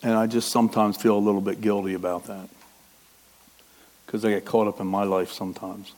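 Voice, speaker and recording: Man preaching in a low-key, reflective way. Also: level tone, brisk, a little mellow. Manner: low-key, reflective, reading scripture aloud. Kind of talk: sermon.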